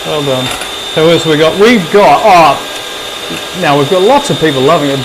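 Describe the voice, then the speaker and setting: Woman co-host, new zealand accent, easygoing, hesitant, ums a lot, clear background hum. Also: sits low, animated, moderate pace. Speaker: co-host reading viewer comments. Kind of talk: casual chat.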